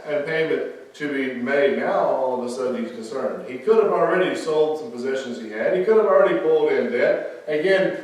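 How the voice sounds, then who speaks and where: A man delivers a sermon in a church, reading scripture slowly before explaining it in plain, emphatic talk. His voice sits a little high, and it rings with heavy room echo. He sounds set back from the microphone. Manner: reads scripture slowly then explains in a conversational, emphatic preaching voice. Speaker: pastor. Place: church sanctuary. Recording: very echoey church sanctuary, mic at a distance.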